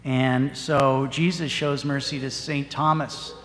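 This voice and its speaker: Priest guy telling a story in his homily, earnest and steady, big echoey church. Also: mid-range voice, slow pace. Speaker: parish priest. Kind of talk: sermon. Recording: long church reverb.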